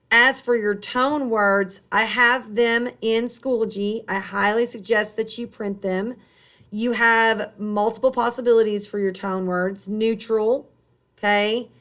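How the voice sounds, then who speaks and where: A woman high school English teacher giving a recorded online lesson, explaining step by step and rephrasing as she goes. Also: fairly bright tone.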